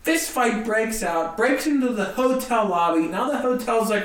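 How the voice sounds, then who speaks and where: A man, a comedian, telling a story in an animated, self-mocking way in conversation. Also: high-pitched, moderate pace, echoey room, recorded from a distance. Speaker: comedian guest.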